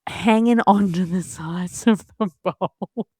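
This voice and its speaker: A woman in her thirties, a mother and host, telling a story in a casual monologue, animated and laughing often as she acts out her own thoughts. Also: mid-range voice, slow, slightly rough, no room sound, clean studio sound.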